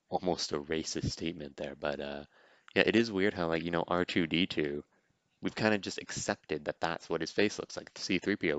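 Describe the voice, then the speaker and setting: A man's voice: deep voice, fairly bright tone, clean tone, no echo, highs cut off. A man hosting a podcast, giving a casual, rambling reaction commentary on a movie, with lots of "like" and "you know.". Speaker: podcast host.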